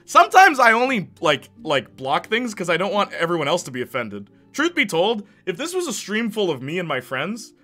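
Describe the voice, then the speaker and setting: A male streamer chats with his viewers in a loose, joking way and laughs often. His voice is bright and forceful. Faint music plays behind him. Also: high voice, wildly swooping pitch, moderate pace, hardly any pauses. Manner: jokey, laughs often, talks to chat. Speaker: live streamer. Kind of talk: casual live-stream chat.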